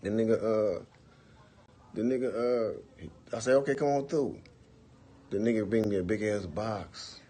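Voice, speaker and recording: A man in his forties telling a long, profane story on a livestream, acting out the quotes in bursts of loud, animated talk. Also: on the low side, moderate pace, pauses often, slight background noise. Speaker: livestream host. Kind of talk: casual storytelling.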